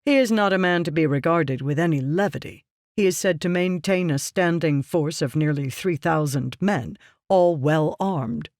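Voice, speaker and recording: A natural, darkish, medium-pitched voice at normal speed reads an audiobook character: a scheming, ruthless merchant who lectures others curtly and talks down to them. The recording is dry, with clean studio sound.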